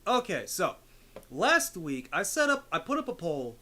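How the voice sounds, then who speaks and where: A man's voice: sits high, huge pitch swings, unhurried, sharp tone. A man streaming a retro video game, chatting casually, rambling through asides and swearing freely. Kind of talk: casual gaming commentary. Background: game music.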